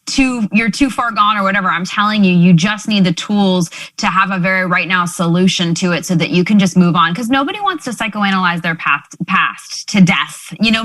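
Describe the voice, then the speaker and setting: A woman's voice: lowish voice, a bit bright. A woman hosting a podcast as a coach, talking in an emphatic, encouraging way with many "you know"s and "like"s. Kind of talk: conversational podcast interview.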